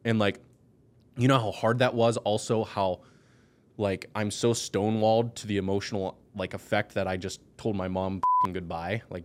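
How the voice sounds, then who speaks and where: A man with a fairly low voice speaks candidly as a podcast guest. He is blunt and emotional, and his voice rises and pushes hard on key words. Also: steady tone, normal speed. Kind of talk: candid personal conversation.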